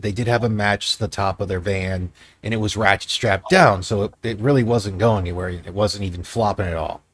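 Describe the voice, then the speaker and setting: A man from Michigan, co-hosting a casual voice-chat podcast and telling stories in an animated, profane way. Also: lowish voice, no echo. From Michigan, United States. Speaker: podcast co-host.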